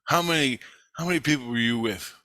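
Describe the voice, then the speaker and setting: A stern male spirit guide, as a man puts him on while telling a story, blunt and scolding, with cursing in it. He has a bright, forceful edge, recorded close and dry. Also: mid-range voice, brisk, dry recording, voice pushed up, lightly acted. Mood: questioning.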